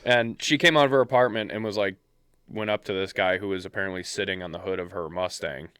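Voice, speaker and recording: Casting: low-voiced man, podcast co-host, swears freely, gets worked up fast, dry close-mic sound. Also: a bit bright, smooth, dry recording. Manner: profane, heated storytelling. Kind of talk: casual chat.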